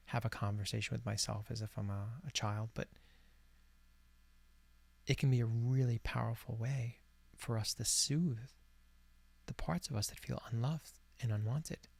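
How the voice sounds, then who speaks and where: A man in his late forties hosting a guided reflection, talking softly and earnestly to the camera. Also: lowish voice, creaky. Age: 40s. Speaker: self-help video host. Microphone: camera recording alone.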